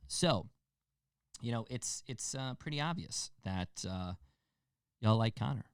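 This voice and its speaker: A man's voice: medium pitch, animated, measured pace, pauses often, smooth, no echo, studio quality. A man hosting a casual solo podcast, rambling loosely with lots of fillers and casual swearing. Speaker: podcast host.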